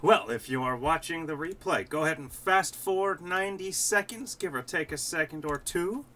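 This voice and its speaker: Upbeat bright-voiced young man hosting a livestream. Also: a little high, moderate pace, slight background noise. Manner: chatty, upbeat, restarts mid-sentence. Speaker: host and site editor. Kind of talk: casual livestream sports talk.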